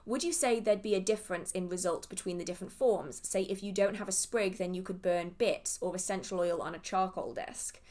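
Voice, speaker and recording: A woman's voice: mid-range voice, fairly quick, hardly any pauses, darkish tone. A young woman from England with a southern English accent, hosting a live witchcraft Q&A stream and answering viewer questions in a chatty, rambling way. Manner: chatty, rambling, goes off on tangents. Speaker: witchcraft Q&A livestream host. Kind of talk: casual livestream chat answering viewer questions.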